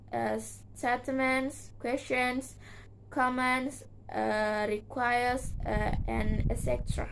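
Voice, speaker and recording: A woman's voice: fairly high pitch, slight background noise, poor audio. A young woman, a native Indonesian speaker, reads a class presentation with many fillers and restarts. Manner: slow, halting delivery with frequent "uh" fillers and restarts. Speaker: student presenter.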